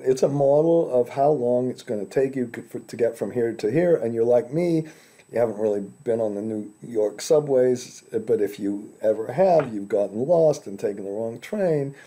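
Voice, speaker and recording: A man giving an informal finance lecture, halting and often repeating words as he restarts his sentences. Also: mid-range voice, mellow.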